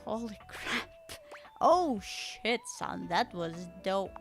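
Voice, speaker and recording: A woman's voice: medium pitch, big pitch swings, slow, soft background music. A woman streaming a game, giving casual, amused commentary. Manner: amused, giggly.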